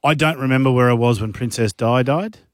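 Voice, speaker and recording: A man's voice: mid-range voice, a little fast, no echo. An Australian man co-hosting morning radio, speaking sincerely and reflectively on a studio microphone. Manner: brief interjections, then sincere and reflective. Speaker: radio co-host. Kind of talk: casual morning radio chat.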